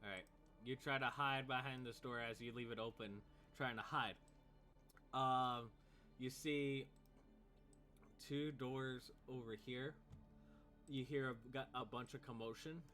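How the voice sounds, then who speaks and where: A bright-toned man runs a tabletop game as game master. His narration is loose and chatty, full of fillers and restarts. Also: medium pitch, steady tone, a little slow, long pauses, soft background music. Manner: loose, filler-heavy narration with acted cultist outbursts.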